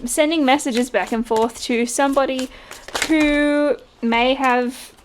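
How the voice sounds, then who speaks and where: A woman's voice: sits high, fairly even intonation, takes it slowly, a little hiss or hum. Chatty woman reading tarot cards. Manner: chatty, laughs often, mimics voices in quotes. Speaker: tarot reader.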